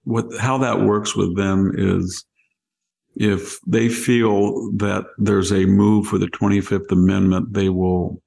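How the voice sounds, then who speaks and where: A man's voice: fairly low pitch, slow. An older man hosting a political talk show, explaining at length in a casual, rambling way. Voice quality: gravelly. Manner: long rambling explanations with animated quoted voices. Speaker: podcast host, commentator.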